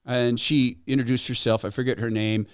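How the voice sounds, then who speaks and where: A man's voice: medium pitch, little pitch movement, moderate pace, clear, resonant tone, no room sound, clean studio sound. A middle-aged man hosting a talk show, telling a personal story in a conversational way with frequent asides. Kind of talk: storytelling commentary.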